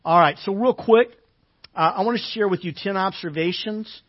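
A man's voice: sits high, moderate pace, dull audio. A man preaching a sermon as pastor, reading scripture with rising emphasis and turning aside to talk to the congregation.

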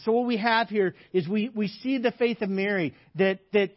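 A man preaching a sermon as pastor, telling personal stories, dropping to a hush in sad parts and acting out the people he quotes. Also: high voice, normal speed, few pauses, muffled recording. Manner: personal storytelling, drops to a hush at sad moments and acts out quoted lines.

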